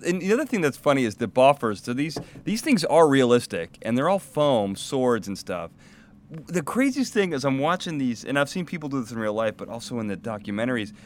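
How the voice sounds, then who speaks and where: A man hosting a podcast, asking lively questions in casual chat and laughing often. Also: mid-range voice, a little hiss or hum. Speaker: podcast host.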